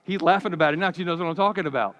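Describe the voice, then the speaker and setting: A man in his forties preaching a sermon, telling stories in a lively, conversational way with humor. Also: high-pitched, rapid-fire, in a large hall. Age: 40s. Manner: animated storytelling, conversational with humor. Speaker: pastor. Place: church sanctuary.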